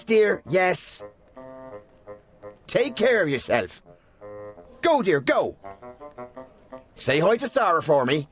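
A man's voice: high voice, full character voice. An actor dubbing an anxious man who soothes and reassures the person he talks to while hiding his own troubles. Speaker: shopkeeper. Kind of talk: dubbed film dialogue.

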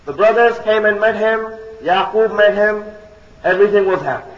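A man's voice: sits high, normal speed. A man preaching a sermon, repeating key phrases emphatically and addressing his listeners as brothers and sisters. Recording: echoey hall, dull lo-fi sound.

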